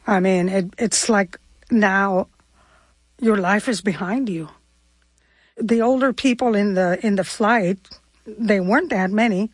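A woman's voice: medium pitch, unhurried, long pauses, no echo. An older woman from Cuba, a guest in an interview, recalling her past in a heartfelt, vivid and reflective way. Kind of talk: personal storytelling interview.

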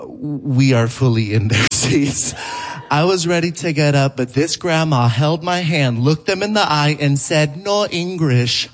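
A man's voice: measured pace, slight background noise. A male comedian doing a live stand-up set on a theater stage, telling stories animatedly and laughing through his punchlines. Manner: animated storytelling that jumps high for quoted voices.

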